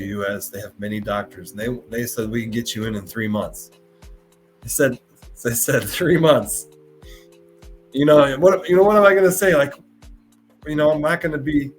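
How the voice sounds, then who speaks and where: A man hosting a live podcast, talking in an earnest, emotional way and often stopping to repeat and restart his words. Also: medium pitch. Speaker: podcast host.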